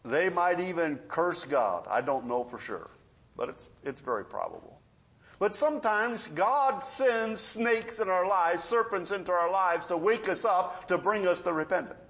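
Preacher man, pretty high voice, tells stories, gets loud then goes real quiet. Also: animated, a little slow. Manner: storytelling preacher, swings between loud emphasis and quiet asides. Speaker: pastor. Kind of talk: sermon.

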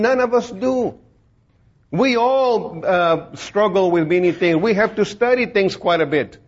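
A man preaching an informal sermon in a plain-spoken, folksy way, rambling with many fillers and restarts. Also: high-pitched. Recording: dull lo-fi recording.

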